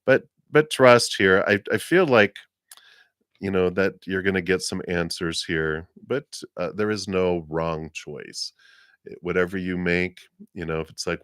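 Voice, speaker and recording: Low-voiced man giving a relaxed live reading. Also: unhurried, clean tone, dry recording, studio quality. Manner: gentle, rambling, laughs often, many fillers. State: voice lower than usual from the weather. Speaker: psychic reader on a livestream.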